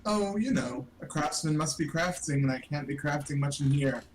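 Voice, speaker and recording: A man playing a scheming, tradition-minded male craftsman prisoner in a tabletop game, asking measured, probing questions in a raised voice. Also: expressive, a loud crowd, close to an everyday voice. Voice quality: raised pitch. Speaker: tabletop player.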